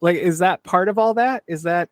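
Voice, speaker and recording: A man's voice: sits high, normal speed, dry recording, studio quality. A man hosting a podcast who asks questions in a teasing, playful way. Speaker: podcast host. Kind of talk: casual chat.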